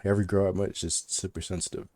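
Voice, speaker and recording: A man's voice: low-pitched, flat delivery, very fast, darkish tone. A young man telling a casual story to the camera, slangy and joking, laughing often as he talks. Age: young adult. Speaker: vlogger.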